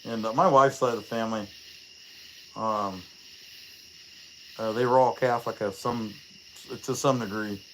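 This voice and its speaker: With a lowish, unhurried voice and a little hiss or hum in the audio, a man hosts a carving livestream, pausing often. The chainsaw carver rambles and jokes with lots of fillers, telling stories with liveliness.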